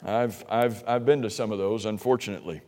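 A man's voice: fairly low pitch, fairly quick, darkish tone, big-room sound. A man preaching a conversational sermon to his congregation, asking them questions as he goes. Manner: conversational, asks the congregation questions, many restarts. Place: church sanctuary.

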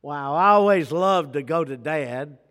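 An older man preaching a sermon, slow and emphatic, dropping to soft near-whispers and asking the congregation rhetorical questions. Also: on the high side, lively intonation. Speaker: pastor. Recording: reverberant hall.

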